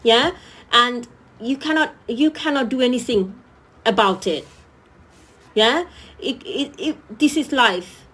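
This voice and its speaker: A woman's voice: a little high, slow pace, pauses often, fairly bright tone, husky. A woman hosting a live-stream talk, speaking earnestly and pleading with her viewers, often repeating herself. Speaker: host.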